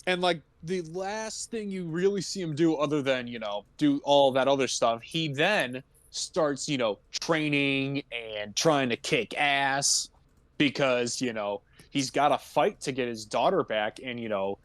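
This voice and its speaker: A man's voice: medium pitch, a little slow, a bit bright, no echo. A man co-hosting a movie podcast in casual chat, rambling through plot recaps and filling gaps with "you know" while laughing often. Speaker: podcast co-host.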